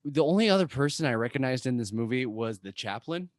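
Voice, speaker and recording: A man's voice: mid-range voice, animated, fast, dry recording, studio quality. A man from Texas co-hosting a podcast, chatting casually in an easygoing, joking way. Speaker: podcast co-host. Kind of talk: casual chat.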